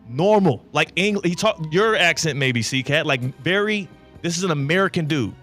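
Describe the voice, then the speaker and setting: Bright-voiced radio host telling a story. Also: male voice, a little high. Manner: lively anecdotal telling with bursts of laughter. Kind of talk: animated storytelling on talk radio. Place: radio studio.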